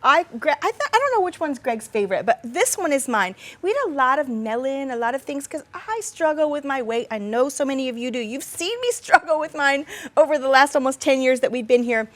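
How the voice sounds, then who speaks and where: Woman, high voice, gushing shopping-channel presenter, chatty demo. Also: lively intonation, brisk, a bit bright. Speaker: guest presenter. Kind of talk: home shopping demonstration.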